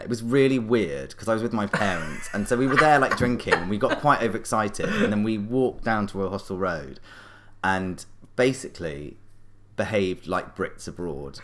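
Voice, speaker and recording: A middle-aged man, a guest telling a long story in a rambling, animated way, full of fillers and self-corrections. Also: on the low side. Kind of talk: casual storytelling.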